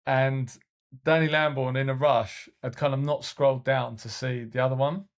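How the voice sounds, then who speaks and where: Gravelly-voiced coach, casual podcast co-host, loose rambling anecdotes. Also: male voice, mid-range voice, steady tone, moderate pace. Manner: rambling storytelling with many fillers and restarts.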